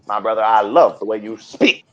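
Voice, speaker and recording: Man, low-pitched voice, grandiose mock-preacher comedy, rambling, whisper-to-shout swings. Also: expressive, fairly quick, highs cut off. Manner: rambling, swings from hushed whispers to loud declaiming. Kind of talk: improvised comedic mock oration.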